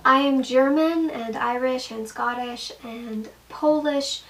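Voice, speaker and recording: A woman's voice: high-pitched, slow, a bit bright, far from the mic, poor audio. A young woman vlogger chatting casually and answering fan questions, giggling and joking at herself. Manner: giggly, chatty, self-deprecating. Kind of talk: casual chat. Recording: from the mic, faint room noise.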